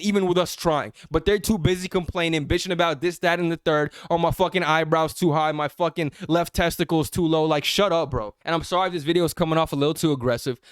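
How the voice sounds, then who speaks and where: A man's voice: a little high, no room sound, studio quality. A young man speaking straight to the camera in a blunt, profane, confrontational rant about self-image. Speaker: self-improvement vlogger.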